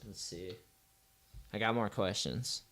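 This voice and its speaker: A man's voice: on the low side, slow, fairly bright tone. A man from the United States hosting a podcast, chatting casually. He rambles loosely and swears, filling his talk with "like" and "you know". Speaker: podcast host. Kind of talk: casual chat.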